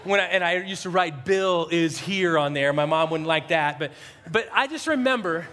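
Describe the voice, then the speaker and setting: A man's voice: a little high, expressive, fairly quick, sharp tone. A man, a pastor, leading a church prayer and then an informal, joking sermon with frequent restarts. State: a little out of breath. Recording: long hall reverb.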